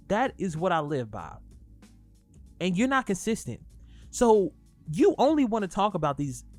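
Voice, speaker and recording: A young man talking casually in a music review vlog, animated and profane as he rants. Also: high voice. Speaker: album reviewer.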